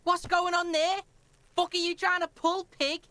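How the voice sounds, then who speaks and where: A woman's voice: extremely high pitch, flat delivery, moderate pace, pushed and bright. A woman voicing a rude, mouthy young boy who curses at the police in a game dub. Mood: sneering. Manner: sneering, cursing.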